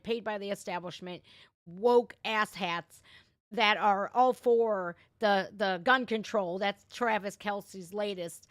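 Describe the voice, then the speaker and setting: A woman's voice: medium pitch, no room sound, clean studio sound. Blunt, profane woman from Ohio. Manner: blunt, profane, quick to laugh. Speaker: livestream reaction host. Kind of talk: casual livestream rant.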